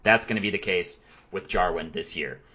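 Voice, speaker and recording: A man hosting a podcast, brisk and analytical as he breaks things down. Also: sits low, sharp tone, breathy edge, muffled recording. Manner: brisk, analytical, quick delivery. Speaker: podcast host. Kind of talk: casual podcast chat.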